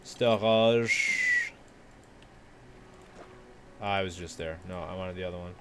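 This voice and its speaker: A man's voice: fairly low pitch, huge pitch swings, a little slow, pauses often, a bit bright, a little hiss or hum. Rambling, swearing man streaming a game. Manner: rambling, profane, self-mocking. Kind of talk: casual livestream gaming chat.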